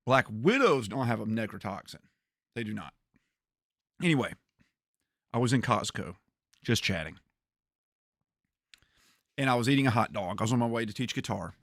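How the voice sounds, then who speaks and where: Animated, gravelly-voiced man. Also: mid-range voice, normal speed, pauses often, dry recording, clean studio sound. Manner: animated, laughs through his stories. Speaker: gaming streamer. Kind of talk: casual storytelling while playing a game.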